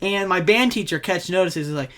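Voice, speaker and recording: A man's voice: sits high, fairly quick, a bit bright. A teenage boy telling a story casually in a rambling way, often breaking into laughter. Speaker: vlogger.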